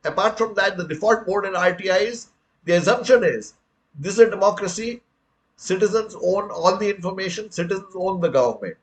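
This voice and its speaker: A man's voice: sits high, animated, a little fast, rough recording. Earnest older Indian man lecturing. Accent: Indian English. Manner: earnest, emphatic, addresses the audience as friends. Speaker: speaker on the right to information, retired commissioner. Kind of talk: public lecture.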